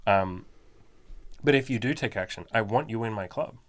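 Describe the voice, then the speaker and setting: A man's voice: lowish voice, moderate pace. A man who is a self-improvement coach and podcast host, talking in a blunt, emphatic, profanity-laden motivational style.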